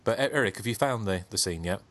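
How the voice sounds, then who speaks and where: A man on a film podcast with a low voice that swings up and down a lot. He teases and jokes with his co-hosts in easy, casual chat. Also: expressive, fast, fairly bright tone. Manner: teasing, joking. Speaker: podcast co-host.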